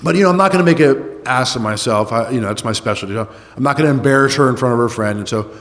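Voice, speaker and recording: A man's voice: mid-range voice, fast, a bit bright. An older man telling a rambling, self-mocking story to a recovery meeting, with many fillers. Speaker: recovery speaker. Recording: echoey hall.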